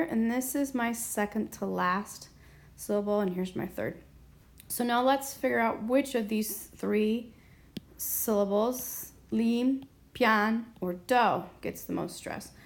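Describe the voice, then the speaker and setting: Woman, teacher. Patient step-by-step whiteboard grammar lesson, slow delivery, voice sitting a little high. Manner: patient, explains step by step, often asks "okay?". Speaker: Spanish teacher.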